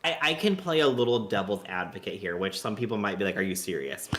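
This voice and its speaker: A man's voice: lowish voice, lively intonation, fast, crowd noise. Man arguing devil's advocate on a stream. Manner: reasoning step by step, hedging with fillers. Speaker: guest. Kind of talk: casual panel chat.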